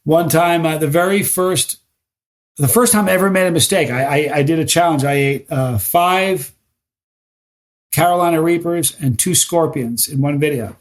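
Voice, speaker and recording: A man telling animated stories as a podcast guest, casual and full of restarts. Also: fairly high pitch, moderate pace. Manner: animated storyteller with frequent restarts. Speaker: guest, spicy food challenge creator.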